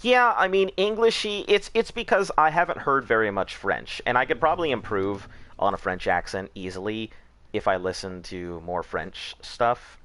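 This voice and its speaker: A man's voice: fairly low pitch, normal speed, fairly bright tone, no echo. A man streaming a video game, chatting in a laid-back, rambling way, swearing casually and answering chat. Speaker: gaming streamer.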